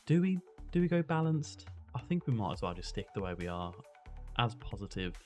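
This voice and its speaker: A young man with a slightly low voice narrates his football management game like a match commentator. He gets excited as chances come and goes, then slows down to think through substitutions and tactics. Faint music plays quietly behind him. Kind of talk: gameplay commentary.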